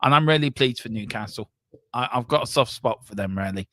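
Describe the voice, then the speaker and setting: A man's voice: medium pitch, fairly quick, a bit bright, dry recording, studio quality. A man hosting a casual football fan talk show, frank and emotional, rambling between reader comments.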